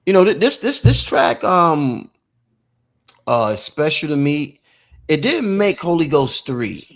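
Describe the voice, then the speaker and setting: Easygoing man hosting a listening party. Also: fairly high pitch. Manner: relaxed, halting, many fillers. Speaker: host of the album listening party. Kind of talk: casual chat introducing tracks.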